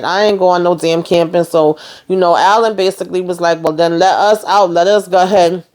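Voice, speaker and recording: Woman, casual recap vlogger, animated storytelling, lots of fillers. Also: on the low side. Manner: animated retelling, quoting characters, many fillers.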